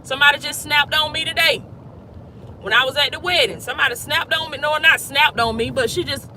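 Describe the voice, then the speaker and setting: Emphatic high-voiced woman coaching outdoors. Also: a little fast, bright, forceful tone, slight background noise. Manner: emphatic, repetitive preaching cadence. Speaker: life coach. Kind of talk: motivational talk.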